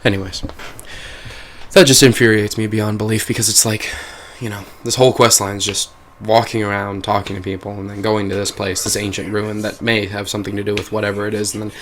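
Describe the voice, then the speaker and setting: A man's voice: lowish voice, flat delivery, fairly quick, fairly bright tone, a little hiss or hum. A man giving casual gameplay commentary, rambling and exasperated, his talk full of fillers. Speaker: gaming video creator.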